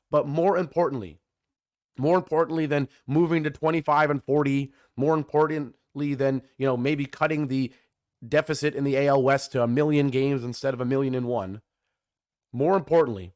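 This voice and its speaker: A man in his twenties hosting a solo sports podcast, energetic and chatty, calling his listeners folks and often restarting or correcting himself mid-sentence. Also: mid-range voice, no echo, studio quality. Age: 20s.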